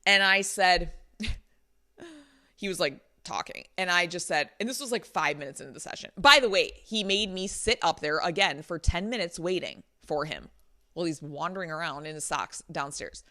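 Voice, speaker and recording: A young woman vlogger telling a story in an animated, exasperated way, full of likes, recorded on a laptop's built-in mic. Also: fairly low pitch, moderate pace. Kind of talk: storytime vlog.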